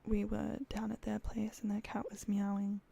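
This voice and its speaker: A woman's voice: mid-range voice, completely flat delivery, normal speed, creaky, warm tone, breathy edge. A young Australian woman from South Australia, chatting casually on a livestream, laughing often and swearing offhand. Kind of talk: casual chat. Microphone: desk mic.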